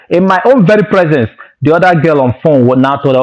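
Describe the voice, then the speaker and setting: A man vlogger telling a story in an animated, exclaiming way and moralizing to his viewers. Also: a little high, quick pace, few pauses, rough recording. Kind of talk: storytelling monologue.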